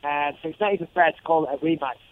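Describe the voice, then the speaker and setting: A man's voice: a little high, racing. A man, a fighter calling in for a casual interview, swearing freely and joking in an upbeat way. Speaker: fighter guest on the phone. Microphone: phone. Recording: tinny phone line.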